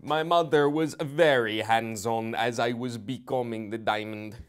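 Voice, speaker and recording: A man's voice: medium pitch, fairly even intonation, measured pace, clean tone, natural voice. An actor improvising a polite, humble former bodybuilder man from North Carolina, with a North Carolina accent and an earnest, formal manner. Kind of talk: improvised comedy interview.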